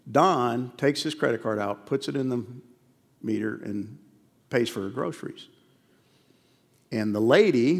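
A male pastor preaching a sermon, earnest and emphatic, repeating key phrases and telling stories to make his point. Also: mid-range voice. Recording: long reverb of a large hall.

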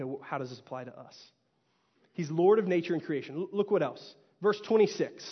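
Male pastor from Texas, animated sermon storyteller, slightly muffled hall sound. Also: on the high side. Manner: animated storytelling, acts out quotes, rhetorical "right?". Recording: hall reverb, dull lo-fi sound.

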